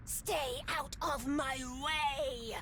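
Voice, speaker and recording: An actress voicing a possessed schoolgirl, shrieking slow, drawn-out commands in a game. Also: sits high, steady tone, exaggerated voice. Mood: frenzied shrieking. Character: possessed schoolgirl, frenzied and menacing. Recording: game audio under loud music.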